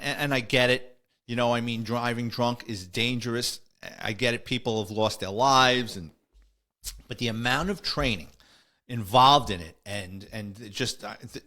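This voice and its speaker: A middle-aged man, a retired police officer, telling a story casually and acting out the dialogue in an animated way. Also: mid-range voice. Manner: animated, quotes dialogue, frequent restarts.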